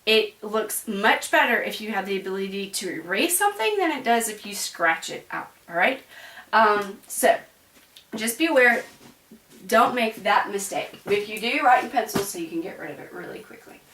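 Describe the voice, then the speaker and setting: A woman's voice: mid-range voice, lively intonation, moderate pace, a bit bright, far from the mic. A woman teaching a French grammar lesson in a chatty classroom manner. She often stops to check in with her students. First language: English. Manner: chatty, explaining with frequent "right?" check-ins. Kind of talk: classroom lecture. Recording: echoey room, voice away from the mic.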